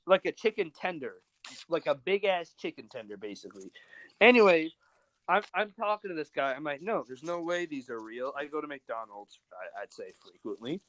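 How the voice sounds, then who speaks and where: A man's voice: a little high, very animated, moderate pace, fairly bright tone, dry recording. A young man hosting a podcast, telling stories in a rambling, profane, casual way. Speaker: podcast host. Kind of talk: casual chat.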